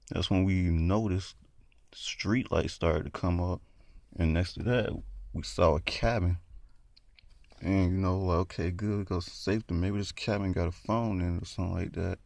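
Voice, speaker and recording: A man's voice: sits low, fairly even intonation, moderate pace, gravelly, a little mellow, no echo. A man telling a horror story in a casual, rambling way, full of fillers.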